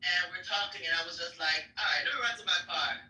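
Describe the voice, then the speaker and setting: Excitable high-voiced man telling a story. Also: quick pace, few pauses, roomy sound, distant mic, poor audio. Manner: excitable, slangy, voice jumps high when retelling. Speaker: participant in a group voice chat. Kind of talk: animated casual storytelling.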